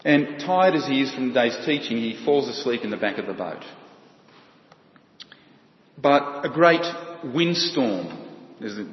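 A man's voice: medium pitch, expressive. Man preaching in an echoey hall. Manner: halting, repeats words and restarts. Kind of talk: sermon. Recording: dull, echoey hall with long reverb.

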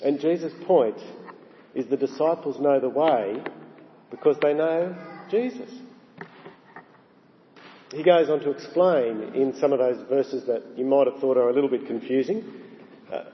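A man preaching a sermon, emphatic, rising on key phrases and slowing down for weight. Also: medium pitch, slight background noise. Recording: dull sound with long hall reverb.

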